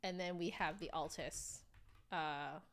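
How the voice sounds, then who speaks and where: Slow-talking, giggly woman streamer. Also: low voice, steady tone, fairly bright tone. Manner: chatty, giggly, reads chat aloud; fillers, self-correcting. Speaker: flute livestream host. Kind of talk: casual livestream chat.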